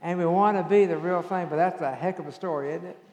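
A man preaches a sermon with a slightly high-pitched voice, shifting from quiet reflection to loud emphasis as he tells stories. His voice rings through a large church sanctuary with a long, trailing reverb. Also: quick pace. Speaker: pastor.

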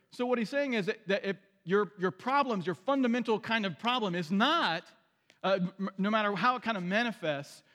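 A male pastor with a high, light voice preaches in a relaxed, conversational manner, restarting sentences and putting questions directly to the congregation. The long reverb of a large hall rings around his words.

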